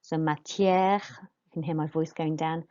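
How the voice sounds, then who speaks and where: A woman teaching a French pronunciation lesson to pupils, modelling words slowly for them to repeat. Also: low-pitched, monotone, mellow, muffled recording.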